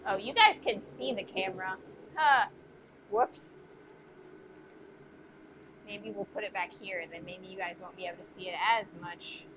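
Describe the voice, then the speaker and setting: Her voice is mid-range, her pace a little slow, with long pauses. Working in her workshop, this blacksmith chats casually on a live stream as she forges, thinking out loud and replying to viewers' comments over dull lo-fi audio with faint noise.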